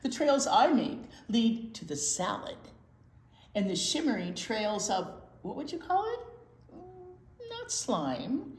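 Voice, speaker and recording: A woman's voice: on the high side, big pitch swings, takes it slowly. Woman doing a vain French-flavored snail. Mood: proudly defiant. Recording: echoey room.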